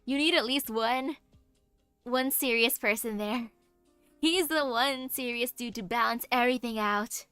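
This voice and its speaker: A chatty young woman talks over her game stream in a bright, higher voice, slipping into goofy, playful asides. The mic is close and the sound dry, with faint music underneath. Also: measured pace, clean tone, no echo. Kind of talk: casual game-stream chat.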